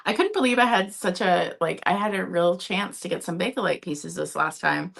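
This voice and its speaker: A woman's voice: on the low side, animated, moderate pace, vocal fry, fairly bright tone. A woman from Minnesota hosting a live vintage sale, chatting casually, laughing often and talking to her cat. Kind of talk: live-stream selling chat.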